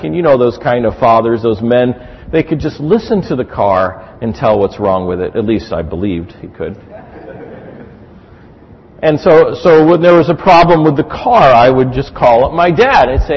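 A man's voice: mid-range voice, normal speed, breathy edge. A man preaching a sermon as pastor, telling stories animatedly and acting out voices, in a church hall. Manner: animated storytelling, acts out voices. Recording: dull recording with long hall reverb.

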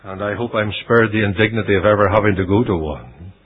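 A man preaching a sermon, voicing scripture dramatically and swinging from loud declarations to hushed asides. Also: on the low side, fast, husky. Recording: dull lo-fi radio recording.

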